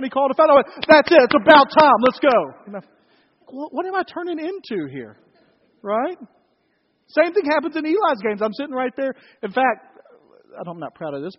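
Folksy Southern preacher in a hall. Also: male voice, very high-pitched. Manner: folksy, swings between loud storytelling and quiet solemn preaching. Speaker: pastor. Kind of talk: sermon. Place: church sanctuary. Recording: muffled, hall reverb from a church.

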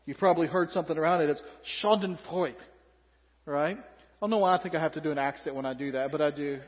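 A man's voice: on the high side, steady tone, racing, in a large hall, dull audio. A man with a Southern US accent preaching a sermon in a conversational way, with joking asides. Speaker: pastor.

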